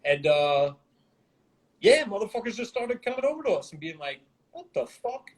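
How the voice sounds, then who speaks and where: A man's voice: high voice, very animated, moderate pace, poor audio. Rambling, foul-mouthed New rapper guy. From Brooklyn, New York. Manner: rambling, heavy swearing, laid-back street slang. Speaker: guest rapper. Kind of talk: casual interview storytelling.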